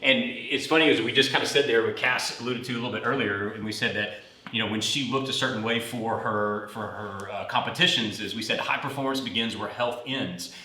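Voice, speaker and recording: A man's voice: medium pitch, brisk, slight background noise. A man in his forties hosting a fitness podcast, telling a rambling personal story while coaching a workout. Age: 40s. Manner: chatty, rambling, animated when retelling. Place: gym. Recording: roomy echo, mic at a distance.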